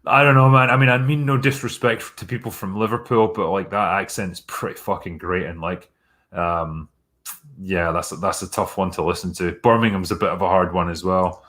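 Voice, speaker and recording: A man's voice: sits low, fairly even intonation, normal speed, a bit bright. A man hosting a live stream, chatting casually through viewer messages in a blunt, sarcastic way with plenty of swearing.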